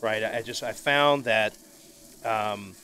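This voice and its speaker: A man hosting a casual podcast interview outdoors at a barbecue grill, talking in a relaxed, rambling way. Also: fairly low pitch, slow, a little hiss or hum. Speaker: podcast host. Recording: faint grill sizzle behind. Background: food sizzling on the grill.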